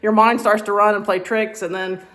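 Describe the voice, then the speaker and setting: A woman's voice: medium pitch, steady tone, normal speed, fairly bright tone, no room sound. A woman with a Texan accent talking casually to the camera outdoors on a ranch, chatty and laughing easily. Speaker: hunter vlogger. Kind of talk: casual vlog talk to camera.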